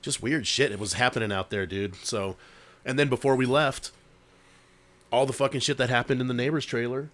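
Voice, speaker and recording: A podcast co-host tells a ghost story in a laid-back way, swearing plenty and saying "dude" a lot. His mid-range voice moves fairly quickly and has a fairly bright tone.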